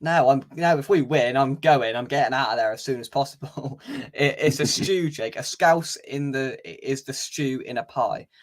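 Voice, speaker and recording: A man's voice: medium pitch, normal speed, few pauses. Chatty young man hosting a preview. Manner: chatty, wry, lots of "uh" fillers. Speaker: fan channel host. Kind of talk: casual match preview chat.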